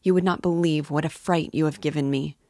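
A woman's voice: low voice, steady tone, fairly quick, a little mellow, dry recording, clean studio sound. A woman reading a fretful older mother. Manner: fretful, exclaiming.

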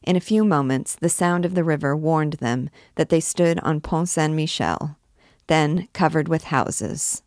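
A woman reading a classic novel aloud, measured and gently voicing the characters' lines. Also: low voice, no echo, studio quality. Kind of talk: book reading.

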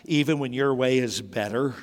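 A middle-aged pastor delivers a sermon in a mid-range voice at a normal pace, telling stories and restarting often. The recording carries a long hall reverb.

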